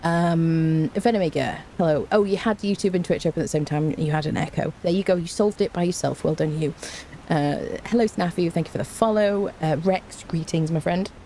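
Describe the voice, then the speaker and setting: A woman's voice: lowish voice, fairly quick, dark tone, a little hiss or hum. A woman with a cold, chatting playfully with her live-stream viewers and greeting them by name from home. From Britain. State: has a cold. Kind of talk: casual live-stream chat. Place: indoors at home.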